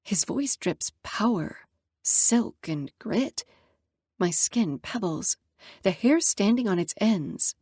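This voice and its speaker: A woman narrating a first-person romance audiobook in an expressive way. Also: mid-range voice, slow pace, breathy edge, dry recording, clean studio sound.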